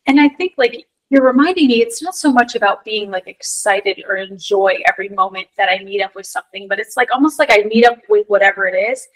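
A woman co-hosting a casual spiritual talk show, animated and playful, saying "like" often. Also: medium pitch, fast, few pauses, poor audio. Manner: animated, playful, says "like" a lot. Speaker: podcast co-host.

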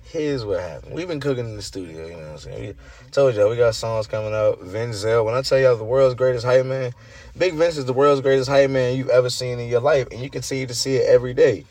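Hoarse man hosting his own show. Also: medium pitch, fast, no echo. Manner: hype, swings between loud and murmured. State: hoarse, lost voice. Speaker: show host. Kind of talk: casual storytelling monologue.

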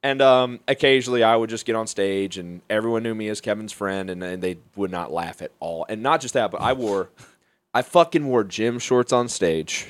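A man's voice: fairly low pitch, moderate pace, dry recording. A young man, a stand-up comedian, telling stories in a casual chat, rambling with restarts, swearing and laughing. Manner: profane, rambling storytelling with frequent restarts and laughs. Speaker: stand-up comedian, podcast guest. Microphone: studio microphone.

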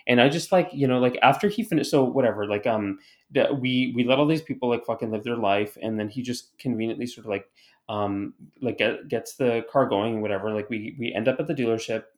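A man's voice: medium pitch, brisk. Rambling man telling a story. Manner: rambling, many "like" fillers and restarts, swearing. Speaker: podcast co-host. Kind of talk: casual storytelling chat.

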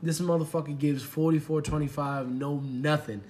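A man's voice: on the high side, normal speed. A man on a podcast, casually retelling a story with lots of swearing and laughter. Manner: profane, laughing, animated retelling. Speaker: podcast co-host.

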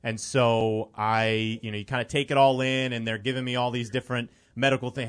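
A man's voice: medium pitch, steady tone, brisk, few pauses, fairly bright tone. Earnest young man telling his story. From Chicago area. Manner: earnest, rambling, many "you know" fillers. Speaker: guest. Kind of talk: personal storytelling in conversation.

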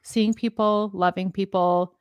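A woman's voice: medium pitch, steady tone, a little slow, a little mellow, clear, resonant tone, dry recording, dull audio. A woman hosting a casual conversation, speaking in a reflective, affirming way. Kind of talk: casual chat.

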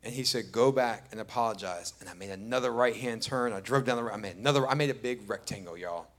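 With a mid-range, slightly bright voice and a quick pace, a middle-aged pastor tells stories in his sermon like a conversation. Gradually he works up to emphatic, repeated points.

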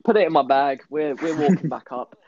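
A man's voice: on the high side, fairly quick, darkish tone, a little hiss or hum. A young man co-hosting a podcast, chatting and chuckling through a shared story with some swearing. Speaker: podcast co-host. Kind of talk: casual storytelling chat. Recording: dull lo-fi dry sound.

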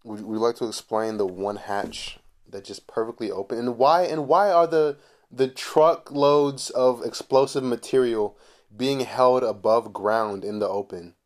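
A man's voice: mid-range voice, fairly even intonation, a little slow. A man hosting a casual podcast chat, incredulous and teasing, often laughing. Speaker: podcast host.

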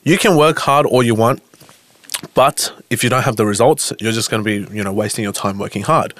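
A man's voice: on the low side, fairly quick, a bit bright, no room sound. A young man with an Australian western-Sydney accent, a podcast guest talking bluntly and swearing freely as he makes his points. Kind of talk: candid podcast conversation.

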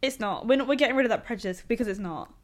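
A woman's voice: fairly high pitch, lively intonation, rapid-fire, crowd noise. A woman co-hosting a podcast in casual chat, emphatic and incredulous, reading out listener stories. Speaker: podcast co-host.

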